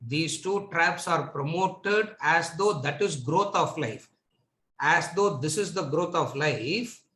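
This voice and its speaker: Speaking slowly and expressively, a man with a high-leaning, pushed, bright voice teaches a spiritual lecture on scripture to a live, seated audience. He asks rhetorical questions and repeats words for emphasis, all captured in an echoey lecture room.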